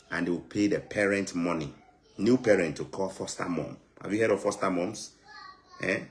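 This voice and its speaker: Ghanaian guy vlogging, deep voice, drops into pidgin, lively and chatty, bit of hiss behind. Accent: Ghanaian English with Pidgin. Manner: animated, mixes in Pidgin, laughs often. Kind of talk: casual chat to camera.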